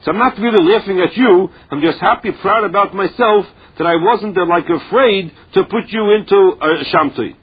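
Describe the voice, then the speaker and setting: A man leads a Talmud lesson, chanting each source line slowly and then explaining it plainly. His voice sits high for a man and sounds husky. The recording is dull and lo-fi. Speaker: Talmud teacher. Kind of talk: Talmud lesson, translating Aramaic into English.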